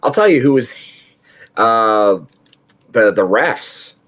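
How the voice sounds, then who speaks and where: A man's voice: mid-range voice, expressive, takes it slowly, a bit bright. A man co-hosting a casual wrestling review podcast, easygoing and agreeable, chuckling along with his partner. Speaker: podcast co-host.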